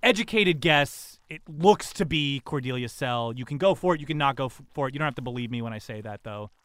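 A man's voice: medium pitch, animated, brisk, fairly bright tone, no echo. Playful man running a tabletop game. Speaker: game master.

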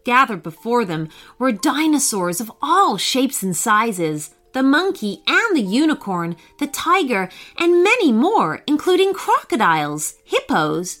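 A woman reading a children's story aloud, expressive, giving voices to each character. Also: a little high, slow, few pauses.

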